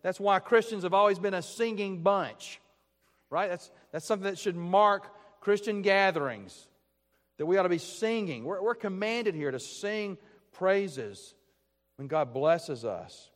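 A man's voice: high voice, expressive, a little slow. A man preaching a sermon as pastor, earnest and emphatic, repeating his key phrases. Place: church sanctuary. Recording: long church reverb.

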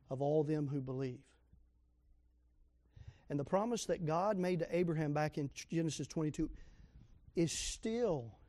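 A man with a high voice preaches a sermon, reading scripture aloud and putting questions to the congregation. He pushes into sudden loud emphasis, and the sound is dry and close. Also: no room sound. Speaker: pastor.

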